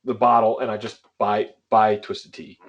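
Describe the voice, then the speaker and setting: A man's voice: lowish voice, flat delivery, moderate pace, lo-fi sound. A slightly drunk man rambling through a casual podcast chat and poking fun at himself. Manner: rambling, self-mocking. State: a little drunk.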